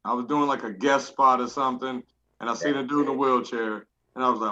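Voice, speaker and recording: A man, a comedian, telling a quick story about skipping one of his jokes. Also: mid-range voice, steady tone, bright, forceful tone, slight background noise. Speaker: comedian guest. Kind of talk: casual chat. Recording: dull lo-fi sound.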